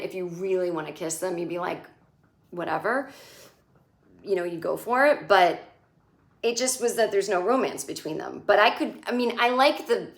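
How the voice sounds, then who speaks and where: A woman comedian recapping a TV episode in a chatty, sarcastic way, swearing freely and acting out the characters' lines. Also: fairly low pitch. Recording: echoey room.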